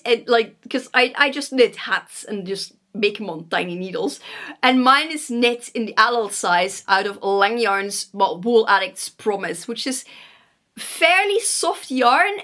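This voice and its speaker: Bright, chatty woman vlogger. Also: a little high, animated, unhurried. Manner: chatty and rambling, with many fillers and self-corrections. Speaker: knitting vlogger. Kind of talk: casual chat. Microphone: vlogging camera.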